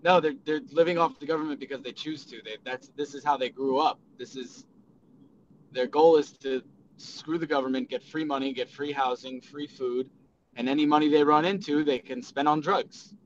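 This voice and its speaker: A man's voice: fairly high pitch, fairly even intonation, moderate pace, a little hiss or hum. A man giving his view in a class discussion, blunt and rambling, over dull lo-fi video call audio. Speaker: class participant.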